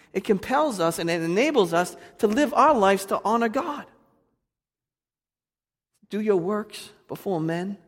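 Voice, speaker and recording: A male pastor preaching a sermon, swinging from hushed to loud and fervent. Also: high-pitched, husky. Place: church sanctuary. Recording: long reverb of a church hall.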